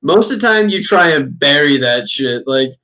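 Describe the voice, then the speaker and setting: A man co-hosting a podcast in casual chat, dry and teasing, with quick joking asides. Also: on the high side, animated, bright, forceful tone. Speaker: podcast co-host.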